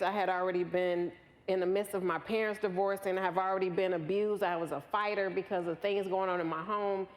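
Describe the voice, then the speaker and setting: A woman grief counselor speaks to a live audience with earnest storytelling, now and then acting out the voices of others. Her voice rings with long hall reverb. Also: medium pitch. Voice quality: earnest, storytelling, acts out quotes. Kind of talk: personal talk at a live event.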